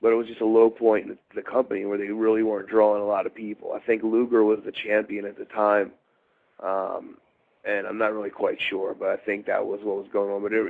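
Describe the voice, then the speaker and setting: A middle-aged former wrestler from Baltimore, USA, tells rambling, meandering stories in a shoot interview, full of fillers and restarts. His voice is lowish and gravelly, and the interview comes through a phone-like line.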